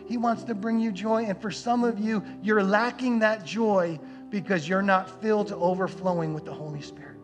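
Earnest high-voiced male pastor preaching. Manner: earnest, repeats words while building a point. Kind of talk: sermon.

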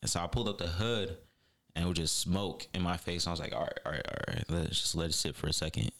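A man guesting on a casual podcast, telling a story in a relaxed, slangy way and laughing often. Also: deep voice, fast talker.

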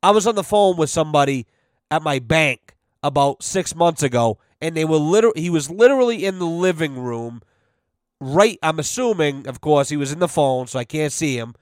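A man's voice: fairly high pitch, expressive, moderate pace, dry recording, clean studio sound. A man hosting a podcast, telling a rambling, profane story in a wry, casual way. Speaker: podcast host.

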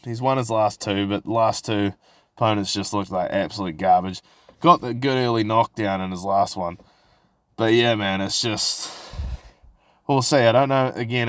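A man's voice: medium pitch, no room sound, studio quality. A young man with a New Zealand accent hosting a casual solo podcast, sweary and blokey, getting worked up about sport and gambling. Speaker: podcast host.

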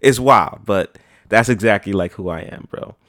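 A man's voice: fairly low pitch, moderate pace, fairly bright tone. A man, hosting a podcast in a slangy, profane, rambling way. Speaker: podcast host. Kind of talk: casual podcast chat.

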